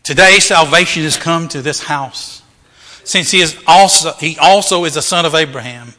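Authoritative kind teacher, voiced by a male preacher, measured, emphatic, somewhat high voice, reverberant hall. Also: sharp tone. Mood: earnest.

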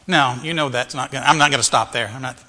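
A man's voice: mid-range voice, quick pace, pushed and bright. A male pastor preaching a sermon, asking rhetorical questions and repeating phrases for emphasis, in a church. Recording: reverberant hall.

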